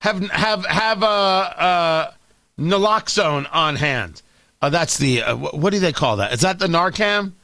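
A man's voice: high-pitched, lively intonation, measured pace, bright, forceful tone, no echo, clean studio sound. A man hosting an opinion talk show, ranting sarcastically and stammering as he gets worked up.

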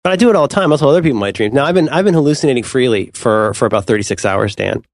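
A man co-hosting a podcast, chatting casually with animated, rambling, playful storytelling. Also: medium pitch, very fast, gravelly, no echo. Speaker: podcast co-host. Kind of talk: casual chat.

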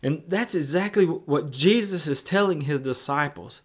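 A man's voice: fairly high pitch, moderate pace, slightly rough. A man preaching in a folksy, hesitant way, retelling a TV episode with frequent fillers.

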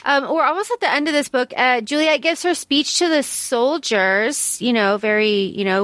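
Co-hosting a podcast, a woman reviews a book in an animated, dramatic, casual chat, eagerly venting what she dislikes. Her voice sits high, with no room sound.

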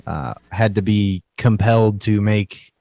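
A man's voice: lowish voice, measured pace, dark tone, no echo. A man hosting a casual podcast chat, teasing his co-hosts with dry humor. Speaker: podcast host.

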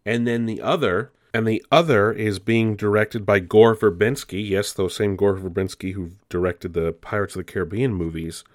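Deep-voiced casual male host. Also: fairly even intonation, normal speed, hardly any pauses. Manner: casual and chatty, swears, laughs at himself. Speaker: entertainment news host. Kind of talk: casual news roundup.

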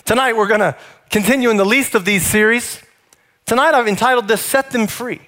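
A man's voice: very high-pitched, a little fast, bright, forceful tone. A man in his thirties preaching a sermon, telling family stories in a conversational way before moving into teaching. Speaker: pastor.

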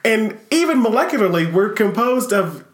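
Man, podcast guest, high voice, echoey room, earnest reflective storytelling. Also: sing-song. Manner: earnest, thoughtful, pauses and repeats words. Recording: roomy echo.

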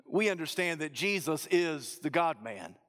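A man preaching a sermon, rising to loud emphatic peaks and dropping to low, hushed phrases. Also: very animated, unhurried, long reverb tail.

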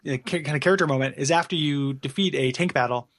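A man's voice: on the high side, fast, a bit bright. A man co-hosting a podcast in casual chat, talking in a chatty, enthusiastic way and laughing often. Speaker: podcast co-host.

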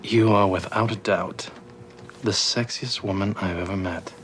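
A man's voice: low-pitched, fairly even intonation, a little slow, fairly bright tone, slight background noise. An actor playing a smarmy, flirtatious man who speaks seductively in a muddled put-on accent, from a TV drama.

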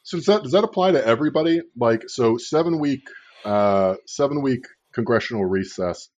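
A man hosts a casual political podcast, full of sarcastic, profane rants. His mid-pitched voice comes through a dull, lo-fi mic with no room sound at all. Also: animated, normal speed, a little mellow, no echo. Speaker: podcast host. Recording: dull lo-fi dry recording.

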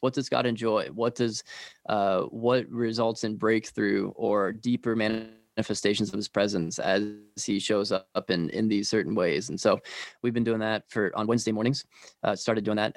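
A Midwestern man with a low, gravelly voice talks quickly and earnestly, dropping fillers as he goes. He is sharing his ministry team's story in a relaxed chat. The recording is dry and close, with no room sound. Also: no echo. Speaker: ministry team leader. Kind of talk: casual conversational storytelling.

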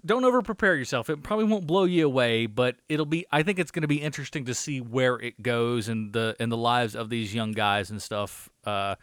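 A man co-hosting a movie review podcast rambles casually, swearing a lot and using plenty of fillers. His medium-pitched voice is slightly bright and clean, moving fairly quickly with barely a pause, captured in a dry, studio-quality recording.

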